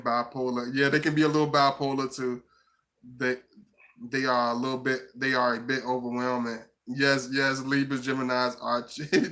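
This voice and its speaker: A man chats casually on a live stream, rambling and circling back over the same words. His voice has a bright, forward edge. He laughs now and then as he talks. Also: mid-range voice. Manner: rambling, repeats himself, laughs often.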